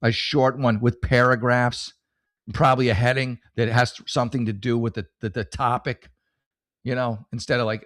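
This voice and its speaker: A man's voice: medium pitch, fairly quick. A middle-aged man hosting a comedy podcast, telling rambling stories with lots of cursing and restarts. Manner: rambling, swearing, storytelling with many restarts. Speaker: podcast host. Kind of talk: casual comedic monologue.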